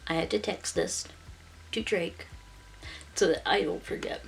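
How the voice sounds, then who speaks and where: A woman's voice: medium pitch, animated, a little slow, gravelly, a little hiss or hum. Chatty, playful woman vlogger. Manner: chatty, playful, laughs easily. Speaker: YouTube host and writer. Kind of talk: casual vlog sign-off and bloopers.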